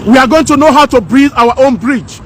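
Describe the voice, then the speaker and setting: A woman's voice: high voice, expressive, a little fast, a little hiss or hum. A woman gives an impassioned opinion vlog outdoors, preachy and fiery, repeating her lines for emphasis. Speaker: vlogger. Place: outdoors by houses.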